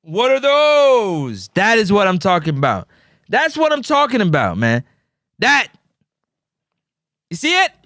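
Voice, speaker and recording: A man with a Jamaican accent hosting a casual football talk stream, playful and full of shout-outs and "boop" sound effects. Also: high voice, huge pitch swings, measured pace, long pauses, no room sound, studio quality. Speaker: sports talk show host. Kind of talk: casual livestream football commentary. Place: indoors in a building overlooking a stadium.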